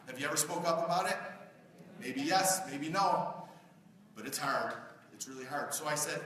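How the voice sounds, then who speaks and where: A middle-aged man delivers a conference keynote in a bright, forward voice, talking casually and putting questions to the crowd. He is picked up from a distance, with long reverb from a large hall and a faint hiss underneath. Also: fairly high pitch, moderate pace, long pauses. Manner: conversational, asks the audience questions. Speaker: keynote speaker. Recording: echoey hall recorded from far off.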